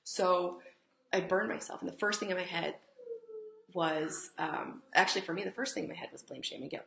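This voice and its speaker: A woman's voice: on the low side, moderate pace, creaky, a bit bright. A middle-aged woman teaching in a frank, emphatic way, swearing freely and sometimes dropping to a whisper, speaking at a table at home. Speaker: healing teacher. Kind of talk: casual spoken teaching. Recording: echoey room with faint noise.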